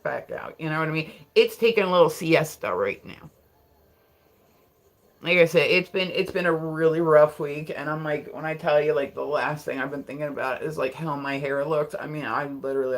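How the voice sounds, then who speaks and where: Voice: mid-range voice, a bit bright. Rambling streamer from Delaware. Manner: rambling, filler-heavy, laughs often. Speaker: livestreamer. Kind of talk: casual live-stream chat.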